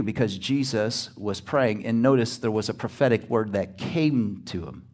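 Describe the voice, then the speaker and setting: Unhurried and medium-pitched, a male pastor preaches with emphasis, often swelling into near-shouted exclamations while calling on his congregation to answer back.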